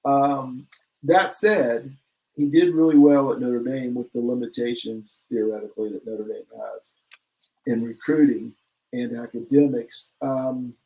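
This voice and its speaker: A man's voice: medium pitch, fairly even intonation, a little slow, warm tone, low-quality recording. A man co-hosting a casual sports talk show who jumps between opinions, laughs easily and reads out listener comments. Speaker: podcast co-host.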